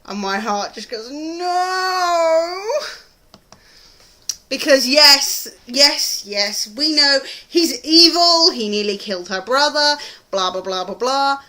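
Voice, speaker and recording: A woman's voice: fairly high pitch, lively intonation, a little slow, sharp tone. A British woman chatting casually in a TV review vlog, rambling and gushing with frequent ums. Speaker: TV review vlogger.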